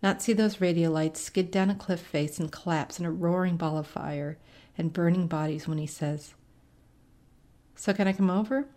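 A woman's voice: sits low, steady tone, moderate pace, dark tone. A woman narrating a first-person short story in a conversational, wry storytelling manner. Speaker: story reader.

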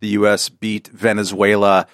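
A man's voice: on the low side, completely flat delivery, moderate pace, a bit bright, clear, resonant tone, no room sound, studio quality. A man co-hosting a podcast, chatting in casual banter with wry asides. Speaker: podcast co-host.

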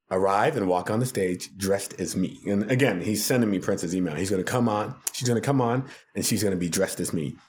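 A man's voice: fairly low pitch, a little hiss or hum. A man, a TV producer, telling a story with lots of laughter and acted-out quotes as a podcast guest. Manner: acts out quoted voices, laughs often. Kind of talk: animated storytelling.

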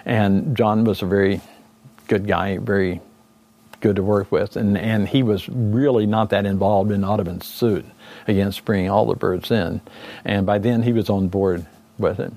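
A man's voice: on the low side, steady tone, normal speed, warm tone. An older man giving an interview, recalling his years leading a recovery team, rambling and correcting himself as he goes. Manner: rambling, with many fillers and self-corrections. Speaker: interview guest, former condor recovery team leader. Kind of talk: reflective interview recollection.

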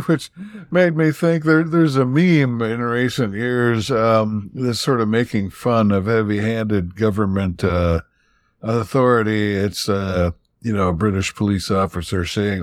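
A man's voice: lowish voice, a little slow, dry recording, studio quality. A man co-hosting a podcast in casual chat, retelling scenes and quoting the dialogue. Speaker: podcast co-host.

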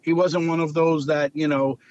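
A man's voice: fairly high pitch, normal speed, dry recording. Deliver this as a New man, fifties, telling stories on a dull line. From Long Island, New York. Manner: animated anecdotal storyteller, repeats phrases for emphasis. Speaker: guest, clown performer. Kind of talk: casual storytelling interview. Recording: dull lo-fi audio.

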